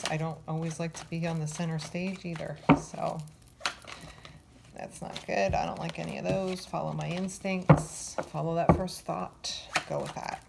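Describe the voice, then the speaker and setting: A woman's voice: fairly low pitch, creaky. A woman giving a casual tarot reading, chatty and thinking aloud with many fillers, a little out of breath. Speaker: tarot reader. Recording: loud background noise.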